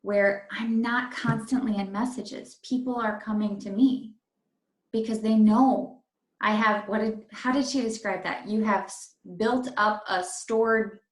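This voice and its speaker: A woman on a team call, sharing thoughts with her teammates in a warm, unhurried way. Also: on the high side, steady tone, echoey room. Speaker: team member. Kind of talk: casual call chat.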